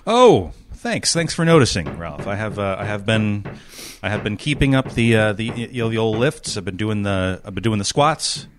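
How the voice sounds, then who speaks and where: A man co-hosting a podcast in casual chat, halting with many restarts and joking around. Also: fairly low pitch, slight background noise. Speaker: podcast co-host.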